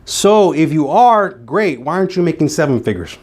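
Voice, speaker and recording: Male motivational speaker, slightly high voice, emphatic, repeats lines for punch, addressing a room. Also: sing-song, normal speed, darkish tone. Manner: emphatic, repeats phrases for effect. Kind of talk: motivational speech to a live audience. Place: meeting room with an audience.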